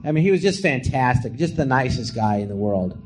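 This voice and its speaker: A man's voice: medium pitch, sing-song, fairly quick, background noise. A man, a comedian, telling stories in a loose, rambling way on a podcast, laughing often and acting out quotes. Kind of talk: casual storytelling chat. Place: live podcast theatre.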